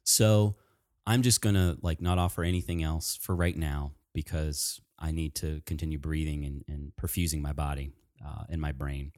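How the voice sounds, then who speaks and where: A man hosting a podcast, chatting casually and excitedly about nursing careers. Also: very deep voice, no echo, clean studio sound. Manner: excitable, animated, talks fast. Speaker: podcast host. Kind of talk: casual chat.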